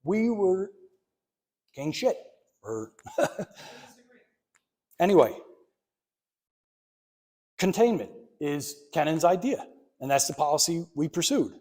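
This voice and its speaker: Male lecturer in his fifties, fairly high voice, conversational and emphatic with wry asides, library talk. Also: lively intonation, takes it slowly, long pauses, darkish tone. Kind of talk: public history lecture. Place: library meeting room.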